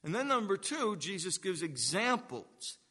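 High, bright preacher in a reverberant hall. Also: male voice, sing-song, breathy edge. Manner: earnest, emphatic, with slowed-down stressed words. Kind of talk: sermon.

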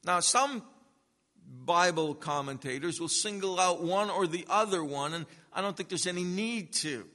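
A man with a high, bright voice preaches in an earnest and deliberate way, giving his words space and repeating them for emphasis. His sermon has a long, ringing reverb from a church hall. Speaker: pastor. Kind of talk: expository sermon.

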